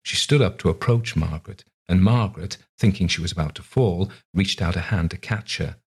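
A man reads a short story aloud in a measured, even storytelling voice. His voice sits very low and has a husky, breathy edge. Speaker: narrator. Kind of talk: scripted narration of a short story.

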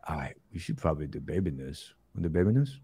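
A man playing a gruff, touchy action-movie star who hosts a comedy talk show, mumbling and blustery. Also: rumbling low, very animated, mellow, slight background noise, heavily acted. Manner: mumbling, blustery, quick to anger. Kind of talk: comedic celebrity impression sketch.

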